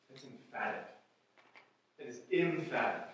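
A male pastor preaching a sermon with emphasis, often swelling louder on key phrases. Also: medium pitch, animated, normal speed, long pauses, slight background noise. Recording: echoey hall, voice from far off.

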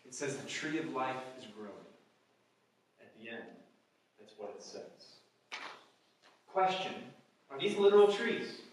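A male pastor preaching a sermon with emphasis, often swelling louder on key phrases. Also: medium pitch, very animated, unhurried, pauses often, a little hiss or hum. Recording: echoey hall, voice from far off.

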